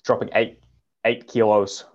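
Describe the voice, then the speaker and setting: A man with a very deep voice speaks in a measured, hedging way on a casual panel. His sound comes through dull and lo-fi. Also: little pitch movement. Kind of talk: casual chat.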